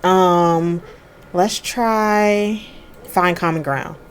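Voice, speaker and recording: A woman's voice: on the low side, fairly even intonation, extremely slow, a little hiss or hum. A woman giving casual, sassy commentary while she plays a life-sim game. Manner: chatty, sassy, amused. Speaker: game streamer.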